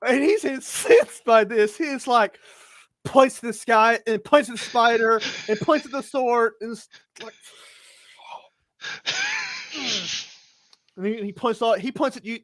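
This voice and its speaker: A man's voice: very high voice, moderate pace, fairly bright tone, no room sound. A man narrating as game master of a tabletop game, stumbling and restarting as he laughs through the scene.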